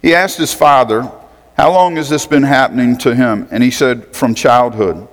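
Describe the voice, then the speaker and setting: A man's voice: medium pitch, normal speed. Guy pastor preaching, chatty, asks the room stuff, long echo like a big church. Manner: conversational, asks the congregation questions. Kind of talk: sermon.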